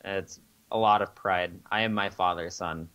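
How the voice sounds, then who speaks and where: A man's voice: low voice, fairly even intonation, moderate pace, sharp tone. A man co-hosting a podcast in casual, profane chat with lots of fillers. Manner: loose and profane, many fillers. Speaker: podcast co-host.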